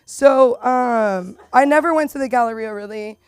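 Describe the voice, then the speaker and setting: A young woman from Los Angeles with a Valley girl accent, doing open mic stand-up in a rambling, filler-heavy way that jumps into loud squeals. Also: fairly high pitch, normal speed, clear, resonant tone, no room sound, studio quality. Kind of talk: stand-up comedy. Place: comedy club.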